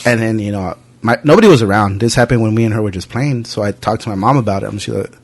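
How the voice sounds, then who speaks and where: A young man hosting a podcast, telling animated anecdotes in casual chat with frequent profanity. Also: lowish voice, quick pace. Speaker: podcast host.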